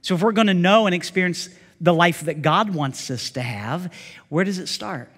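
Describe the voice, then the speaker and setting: Male pastor, sermon, direct questions to the congregation, high voice, long reverb in a church sanctuary. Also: moderate pace, a bit bright, husky.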